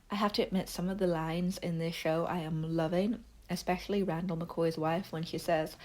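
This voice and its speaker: A young woman giving a casual video review, chatty and enthusiastic, with breathy whispered asides. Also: lowish voice, a little mellow. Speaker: book and TV reviewer.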